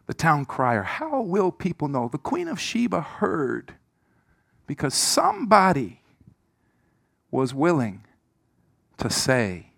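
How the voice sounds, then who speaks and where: A middle-aged man preaching a sermon in church, telling a personal story with big swings from shouts to hushed asides, his throat a little squeaky. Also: wildly swooping pitch, takes it slowly, creaky, long pauses, no echo, clean studio sound. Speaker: pastor.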